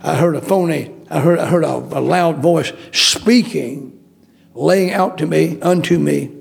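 Male preacher, high voice, gravelly, repetitive emphatic delivery, sermon. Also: unhurried.

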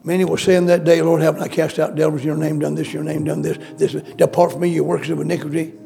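A man's voice: fairly high pitch, level tone, fast, vocal fry, warm tone, soft background music. A male preacher delivering a sermon, emphatic and repetitive, calling out questions to the congregation. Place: church.

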